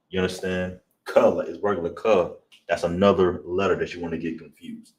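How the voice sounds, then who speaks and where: A man teaching a live-streamed lesson, drilling pronunciation slowly and checking in with viewers as he goes. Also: sits low, steady tone, reverberant, distant mic, poor audio. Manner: slow, drawn-out pronunciation drills with repeated check-ins.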